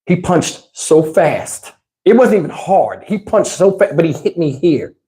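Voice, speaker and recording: A man's voice: fairly high pitch, unhurried, low-quality recording. A man hosting a casual storytime, acting out the quotes in his story and laughing as he goes. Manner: animated, acts out quotes and laughs mid-story. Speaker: host.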